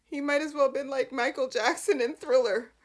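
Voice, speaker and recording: A woman's voice: high voice, brisk. A woman hosting a podcast who recaps soap opera scenes casually, acting out the characters' lines and laughing often. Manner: animated, acts out characters' lines in voices; laughs often while telling. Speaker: podcast host.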